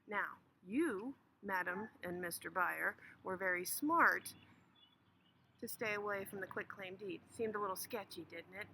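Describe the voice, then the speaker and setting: A woman's voice: medium pitch, measured pace, vocal fry, pushed and bright, a little hiss or hum, rough recording. A woman lawyer playfully explaining legal basics outdoors, self-mocking and casual.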